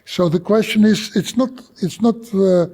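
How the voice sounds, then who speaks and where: A man's voice: high-pitched, measured pace, vocal fry, mellow, husky. A man with a Russian accent, a film director whose first language is Russian, recalling work on a film in an interview and often stopping to search for words. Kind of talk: interview reminiscence.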